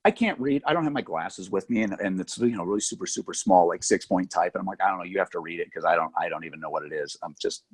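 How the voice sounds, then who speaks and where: A middle-aged man with a low, husky voice tells a story as a podcast co-host in casual chat. He talks fast with hardly any pauses, animated as he acts out the voices of the people in his anecdote.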